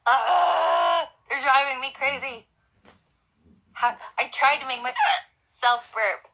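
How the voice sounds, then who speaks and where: A woman's voice: sits high, steady tone, slow pace, bright, forceful tone, low-quality recording. A young woman chatting on a phone livestream, hiccuping, giggly and slightly tipsy, pleading for help. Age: young adult. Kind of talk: casual livestream chat.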